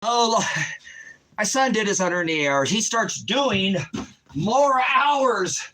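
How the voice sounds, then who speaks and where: Impassioned pastor, high bright voice. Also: male voice, animated, measured pace, slight background noise, low-quality recording. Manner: impassioned, rambling, rises to shouting. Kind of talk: emotional livestream monologue.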